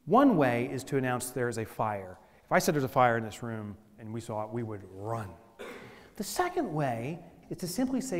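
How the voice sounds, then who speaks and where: A man telling funny stories as a business speaker in a keynote talk, animated and playful. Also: medium pitch, normal speed. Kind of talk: humorous keynote storytelling. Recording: long hall reverb.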